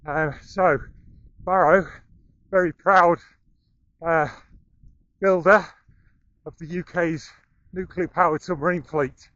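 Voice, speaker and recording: This middle-aged running vlogger talks his way through a jog across town and over a bridge, a little out of breath and wryly self-deprecating. His voice sits on the high side, steady and sharp, slow with long pauses; the action-camera recording is dry and missing its highs.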